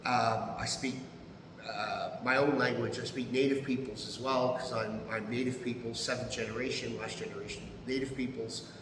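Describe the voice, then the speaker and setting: A man in his fifties with an American accent, a podcast guest telling stories in an animated, profane way and laughing often. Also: medium pitch, moderate pace, background noise. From United States. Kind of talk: casual storytelling. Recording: echoey room.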